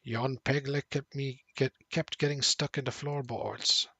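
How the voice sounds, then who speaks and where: A man voicing a gruff old one-legged male pirate who talks in heavy pirate slang with a slow growl. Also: mid-range voice, fairly even intonation, pushed and bright, no echo, heavily acted.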